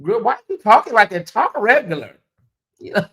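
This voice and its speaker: A man's voice: sits high, a little fast. A man hosting a casual livestream, chatting straight to his viewers, reading comments aloud and slipping into mocking voices. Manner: animated and chatty, slips into mocking put-on voices; talks straight to viewers and reads chat aloud. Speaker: host.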